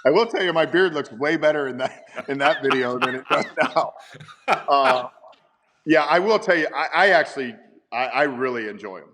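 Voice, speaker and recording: A man's voice: medium pitch, expressive, moderate pace, noisy background. A man in his fifties, a baseball manager, telling stories in a casual interview with rambling, stammering restarts and chuckles.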